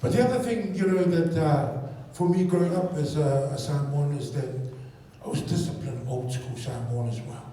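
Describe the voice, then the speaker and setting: A man with a high voice tells a stand-up story, animated and playful as he acts out scenes. He sounds far from the mic in a very echoey space. Noise sits behind him. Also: moderate pace. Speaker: stand-up comedian.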